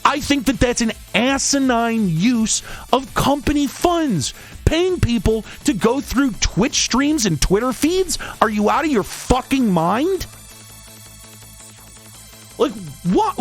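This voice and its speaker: A man in the middle of a heated, profane rant. His voice sits high for a man and leaps all over the place as he vents. Faint music plays underneath him. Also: expressive, slow pace. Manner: exasperated, profane, sarcastic. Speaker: streamer and podcast host. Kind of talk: angry rant.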